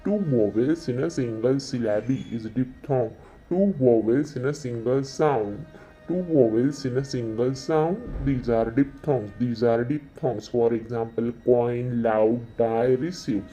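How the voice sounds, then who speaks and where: A man giving a slow exam-revision lesson, repeating each definition several times. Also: mid-range voice, warm tone, dull audio, faint music behind. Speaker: teacher.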